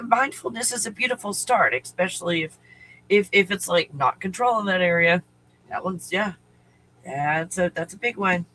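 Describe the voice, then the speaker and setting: Slow, bright-voiced man musing on mindfulness. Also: high-pitched, a little hiss or hum, rough recording. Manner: rambling, restarts often, talks to his dog mid-stream. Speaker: live stream host. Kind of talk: casual spiritual live stream talk. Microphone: live stream microphone at home.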